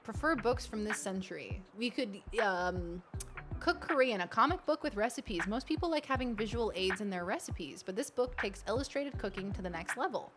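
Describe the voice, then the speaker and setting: A woman's voice: mid-range voice, lively intonation, normal speed, music in the background. A woman streaming a game, chatting casually with viewers and reading the game's text aloud.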